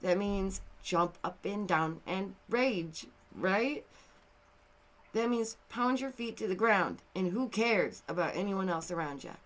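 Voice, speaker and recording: A woman's voice: mid-range voice, slow pace. Exasperated woman commentating. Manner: animated, exasperated, swings between loud outbursts and quiet somber asides. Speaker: commentary video host. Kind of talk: casual commentary.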